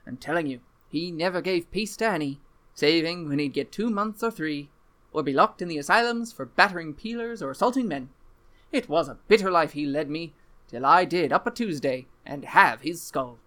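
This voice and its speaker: A man's voice: a little high, animated, normal speed, fairly bright tone. A man putting on an Irish country lad. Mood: bitter. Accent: put-on Irish. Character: young rural Irish man boasting of his brutal father.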